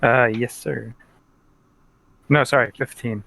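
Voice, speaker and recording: Gravelly man playing a tabletop game. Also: medium pitch, steady tone, takes it slowly, sharp tone, no room sound. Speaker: player. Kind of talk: casual game chat.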